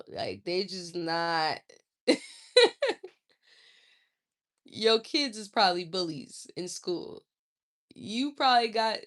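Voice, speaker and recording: A woman's voice: medium pitch, bright, forceful tone. A woman hosting a casual live stream, answering viewer comments in a blunt, profane, scolding way.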